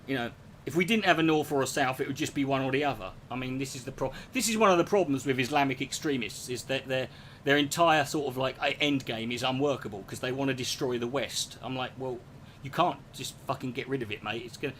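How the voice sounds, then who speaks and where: A man's voice: mid-range voice, fast, a bit bright, a little hiss or hum. A man, ranting casually to his chat, sweary and sarcastic. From England. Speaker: streamer answering chat. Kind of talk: casual profane rant.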